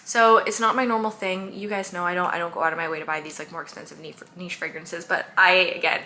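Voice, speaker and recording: A woman's voice: fairly low pitch, steady tone, bright, forceful tone. A woman chatting casually in a haul vlog, talking in a chatty, rambling way full of asides. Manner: chatty, lots of "like" and "you know", shifts between quick and drawn-out. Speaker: fragrance content creator.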